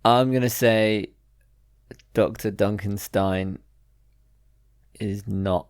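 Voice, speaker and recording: A man's voice: lowish voice, fairly even intonation, extremely slow, no room sound. A young man guessing answers on a casual podcast quiz, laid-back and cracking dry jokes. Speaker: podcast co-host and quiz contestant.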